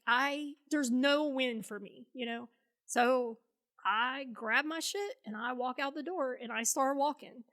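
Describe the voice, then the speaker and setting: A woman's voice: on the high side, a bit bright. A woman guest telling a personal story in an interview, blunt and profane, acting out the dialogue she quotes. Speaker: podcast guest, Navy veteran.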